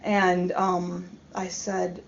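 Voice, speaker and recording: A woman recounts a personal story in a subdued, halting voice full of pauses and ums. Her tone has a gravelly fry. The recording sounds dull and lo-fi. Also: lowish voice, completely flat delivery, a little hiss or hum. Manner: hesitant, halting, many ums. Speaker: storyteller vlogger.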